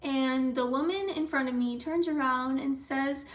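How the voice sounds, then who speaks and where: High-voiced chatty young woman, roomy sound. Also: a little slow. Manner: chatty, excitable, many likes and ums. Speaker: vlogger. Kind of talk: casual storytelling. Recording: roomy, from a distance off mic.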